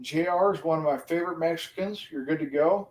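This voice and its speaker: A middle-aged man riffing on a livestream with a voice a touch higher than most. He talks casually and profanely, gets animated and laughs often. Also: a little fast. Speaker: livestream co-host. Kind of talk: casual stream chat.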